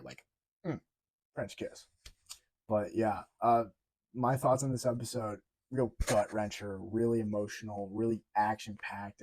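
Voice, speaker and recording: Young male vlogger, mellow tone, rambling and excitable, casual review delivery. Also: fairly low pitch. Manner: excitable, rambling, swears, says 'like' often. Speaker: TV show reviewer.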